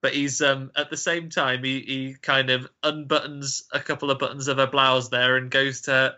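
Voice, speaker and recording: A man's voice: mid-range voice, level tone, normal speed, sharp tone, muffled recording. A man hosting a podcast, retelling a film's plot in casual, joking chat and laughing often. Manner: chatty, joking storyteller who often laughs. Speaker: podcast host. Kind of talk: casual film recap chat.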